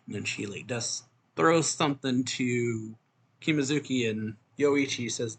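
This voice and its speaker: A man's voice: mid-range voice, normal speed, fairly bright tone, slightly rough. A man giving a loose, casual recap of a comic chapter, full of fillers, who lifts his voice when he reads out the characters' lines. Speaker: manga reviewer. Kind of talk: casual recap reading out manga dialogue.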